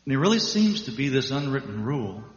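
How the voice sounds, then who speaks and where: A man's voice: medium pitch, big pitch swings, fairly quick. An American man, a gospel singer, talking in a folksy, conversational way with many fillers in a spoken interlude over his song. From United States. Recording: roomy reverb, dull sound, loud music. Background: loud guitar music.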